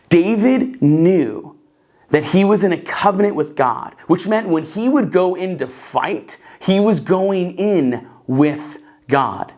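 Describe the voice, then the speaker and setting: Brief: lively Bible teacher, pitch swinging widely, talks casually to the group and checks in with "right?". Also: measured pace. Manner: conversational, keeps asking "right?" and addressing "guys"; enthusiastic, animated storytelling.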